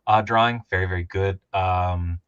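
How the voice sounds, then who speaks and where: A man talking as a guest in a casual chat over a video call, rambling and animated. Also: low voice, moderate pace, smooth, muffled recording. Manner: rambling, animated, puts on voices for stories.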